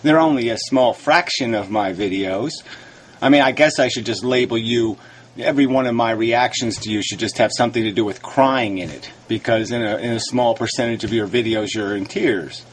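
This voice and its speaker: A man's voice: mid-range voice, moderate pace, a little hiss or hum. A man ranting into his camera, frustrated and argumentative, raising his voice and swearing as he rebuts a critic. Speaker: video blogger replying to critics. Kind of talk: argumentative video rant.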